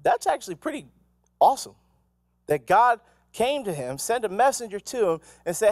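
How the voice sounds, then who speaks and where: A male pastor giving an animated, conversational sermon, full of asides and questions to the congregation. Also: high-pitched, normal speed, no room sound, clean studio sound. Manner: animated, conversational preaching with asides and acted quotes. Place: church.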